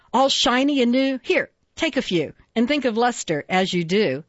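A woman reading children's poems aloud in a playful, expressive sing-song way. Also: mid-range voice, no room sound, lo-fi sound. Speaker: reader.

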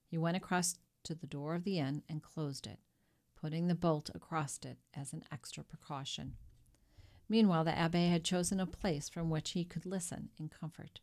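A woman reads a classic novel aloud in steady, measured audiobook narration. Her voice sits on the low side.

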